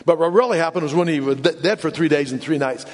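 A man preaching a sermon in an earnest way, often dropping to hushed low tones for emphasis. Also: quick pace. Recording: long hall reverb.

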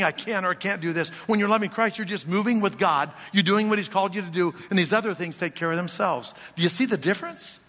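Speaking high, bright and forceful, this man delivers a sermon as a pastor, confronting the congregation with rhetorical questions. He's in a church sanctuary, and the hall leaves a long reverb on everything.

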